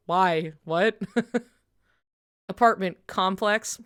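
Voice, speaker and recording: A woman's voice: on the low side, takes it slowly, long pauses, a bit bright, clean tone. A woman streamer chatting casually during a watch-along, rambling with lots of fillers, swearing and frequent laughter.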